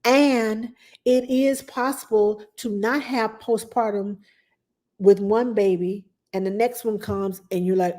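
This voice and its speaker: A middle-aged woman talks casually to her live-stream viewers. Her voice is mellow and relaxed, and she rambles along, full of fillers and asides. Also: medium pitch, takes it slowly. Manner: chatty, rambling, with frequent fillers and laughs. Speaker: nanny hosting a live Q&A stream.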